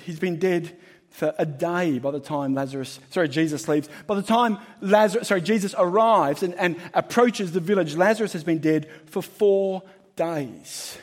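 A man preaching a sermon as pastor, emphatic and shifting between loud and hushed. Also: high-pitched, normal speed. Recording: long hall reverb.

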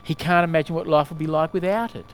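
A male preacher giving a sermon in a halting way, often asking the listeners questions. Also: on the high side, steady tone, a little hiss or hum.

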